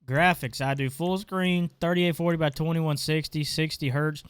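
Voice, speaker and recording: This man's voice sits fairly high and steady, moving at a moderate pace with a clean tone in a dry recording. He's a gaming channel host giving a casual screen-recorded tutorial, his voice stuffed up as he clicks through settings and talks offhandedly.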